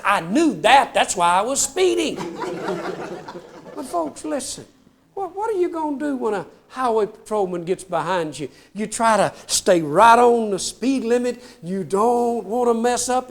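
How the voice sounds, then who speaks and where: An older man telling comic stories on stage in a folksy, self-mocking way, often calling the crowd "folks". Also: very high voice. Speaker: comedian telling trooper stories. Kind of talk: stand-up storytelling.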